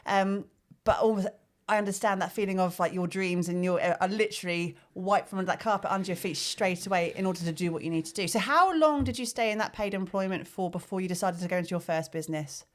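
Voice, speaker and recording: A woman's voice: lowish voice, fast. A woman hosting a podcast, asking questions in a sympathetic way. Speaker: podcast host. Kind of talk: casual interview questions.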